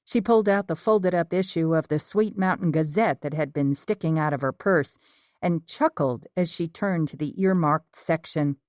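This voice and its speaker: A woman narrating an audiobook in the first person, with an even storytelling manner. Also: deep voice, moderate pace, dry recording, studio quality.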